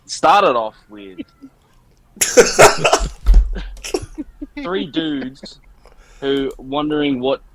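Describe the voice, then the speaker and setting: A man's voice: fairly high pitch, sing-song, very slow, pauses often, heavy background noise. A man co-hosting a podcast, telling a story in a rambling, self-mocking way. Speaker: podcast co-host. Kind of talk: casual chat.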